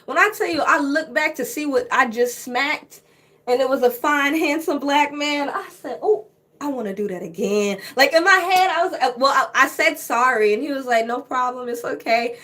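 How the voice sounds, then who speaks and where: Chatty, animated woman with a high voice. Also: normal speed. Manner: animated, gossipy, laughs between sentences. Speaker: flight attendant. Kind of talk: casual chatty storytime to camera.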